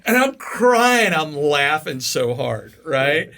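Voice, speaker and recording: A man hosting an interview, telling stories in a casual, animated way, laughing and swearing as he goes. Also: on the high side, takes it slowly. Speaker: podcast host.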